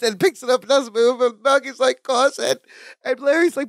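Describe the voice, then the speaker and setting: A man co-hosting a podcast, telling sitcom scenes in a lively way, laughing often and acting out lines. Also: very high-pitched, fairly quick, gravelly, dry recording, studio quality. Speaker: podcast co-host. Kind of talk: casual chat recapping a sitcom episode.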